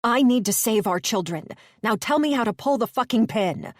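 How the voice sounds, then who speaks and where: A woman's voice: on the high side, expressive, moderate pace, dry recording, studio quality, natural voice. A woman voicing a desperate, defiant female journalist and mother who speaks in an urgent, commanding way. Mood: determined.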